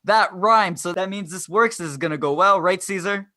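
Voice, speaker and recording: A young man hosts a podcast in a bright, forceful voice, rambling on and poking fun at himself. The sound is dry and close, with no room around it. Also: high voice, brisk, no room sound. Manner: jokey, self-deprecating, rambling. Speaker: podcast host. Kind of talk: casual podcast chat.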